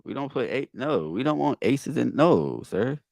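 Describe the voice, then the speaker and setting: A man's voice: mid-range voice, very animated, moderate pace, vocal fry, darkish tone, dry recording, studio quality. A man hosting a podcast and reacting to a video, exasperated and emphatic, often repeating his words. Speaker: podcast host.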